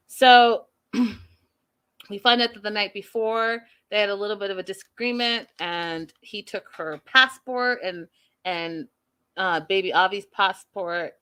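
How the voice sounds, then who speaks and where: A woman's voice: mid-range voice, fairly bright tone. A woman hosting an online reality-show recap, chatting casually to her viewers with lots of fillers and asides. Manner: chatty, addresses viewers as "you guys", many fillers.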